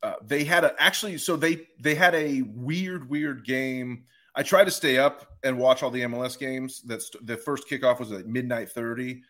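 Young guy on a sports podcast, bright voice, tells stories all animated, does other people's voices. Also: medium pitch, normal speed, hardly any pauses. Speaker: podcast co-host. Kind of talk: casual sports podcast chat.

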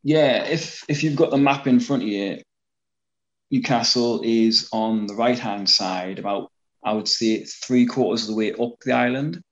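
A man's voice: mid-range voice, a little slow. A man with a North East English accent, rambling casually as an interview guest, with many ums and restarts. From North East England. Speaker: interview guest, fan film actor. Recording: dull lo-fi sound.

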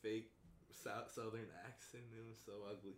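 A man's voice: fairly low pitch, little pitch movement, normal speed. A man telling a story in casual chat as a podcast co-host, exasperated and profane. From Kentucky. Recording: echoey room with faint background hum.

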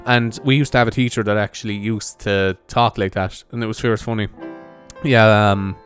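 A young Irish man rambles through his own podcast in a loose, unscripted way, dropping curses and chuckling at his own jokes. His voice sits on the low side, with faint music playing underneath. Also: fairly even intonation, normal speed, clear, resonant tone. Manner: chatty, swears, laughs at own jokes. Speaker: podcast host. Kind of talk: casual rambling monologue.

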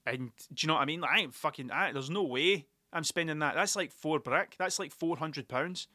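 A man's voice: fairly high pitch, brisk, bright, forceful tone, no echo, studio quality. A man with a Glaswegian Scottish accent, rambling through a sweary, wry story in a casual podcast monologue. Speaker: podcast host.

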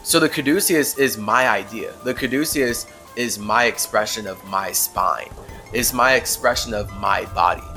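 A man's voice: on the low side, pushed and bright. A man hosting a podcast, talking in a rambling, emphatic way and laughing often as he muses on spirituality. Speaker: podcast host. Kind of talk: casual spiritual monologue.

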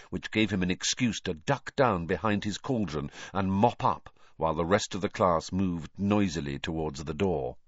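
A man reading a story aloud in an expressive storytelling manner. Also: low-pitched, no room sound, highs cut off. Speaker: audiobook reader. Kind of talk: scripted narration.

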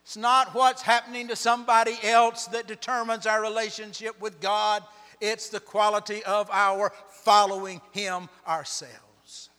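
A man preaching a sermon as pastor, telling Bible stories with sharp swings between loud and soft. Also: high voice, flat delivery, a little slow, in a large hall. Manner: storytelling, dramatic shifts in loudness. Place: church sanctuary.

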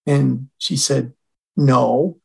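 Older man, gravelly, a bit husky, from Illinois, podcast guest, lively storytelling, acts out the dialogue. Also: medium pitch, extremely slow, poor audio. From Illinois, USA. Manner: animated storyteller acting out quoted dialogue. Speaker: podcast guest, retired fire chief. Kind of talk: storytelling in an interview.

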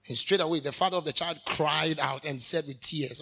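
A man preaching a sermon as a minister, fervent, with sudden loud rises and quick asides. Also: fairly high pitch, gravelly, husky.

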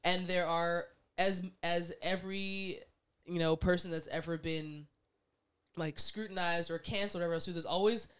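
Woman guest, casual chat, lively and opinionated, smooth resonant tone. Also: lowish voice, moderate pace. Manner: animated, acts out quoted voices, laughs often.

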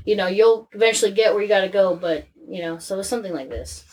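A woman's voice: medium pitch, fast talker, noisy background. A woman in her thirties chatting openly and casually. Her talk wanders through restarts and frequent swearing, with a plain everyday voice. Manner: candid, rambling, frequent swearing. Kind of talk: casual chat.

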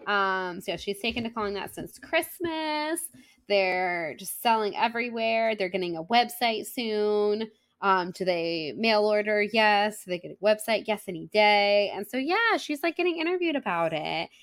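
A woman co-hosting a casual book-club podcast, chatty and animated with quick asides. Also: medium pitch, smooth, no echo, studio quality. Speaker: podcast co-host.

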